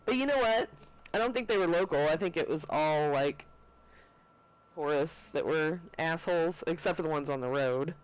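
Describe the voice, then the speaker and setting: A man's voice: a little high, moderate pace, smooth, poor audio. A man co-hosting a podcast, chatting casually and telling laid-back stories full of swearing. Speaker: podcast co-host. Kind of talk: casual chat.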